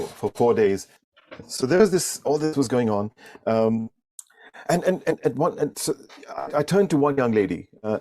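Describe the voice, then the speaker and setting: A man telling a workplace anecdote in an animated way, often restarting and repeating words. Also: medium pitch. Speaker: leadership speaker. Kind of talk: anecdotal storytelling.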